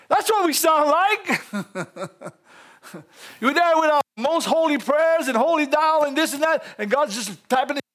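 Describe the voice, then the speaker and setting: A man preaching a sermon in a folksy, animated way, laughing often between lines. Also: extremely high pitch, slow pace, long pauses.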